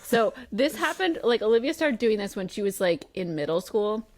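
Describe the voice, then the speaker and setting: With crowd noise behind her, a young woman co-hosting a podcast tells stories in relaxed conversation, animatedly performing each quote. Her pitch is medium and her speed normal.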